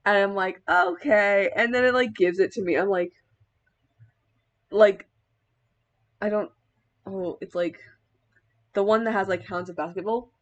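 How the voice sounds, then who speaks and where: A young woman rambles through a relaxed vlog chat as she styles a wig, her thoughts spilling out with plenty of filler words. She laughs easily partway through sentences. Her voice sits at an ordinary middle pitch. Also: measured pace, long pauses. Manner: giggly, laughs mid-sentence. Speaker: cosplayer. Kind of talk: casual vlog chat while styling a wig.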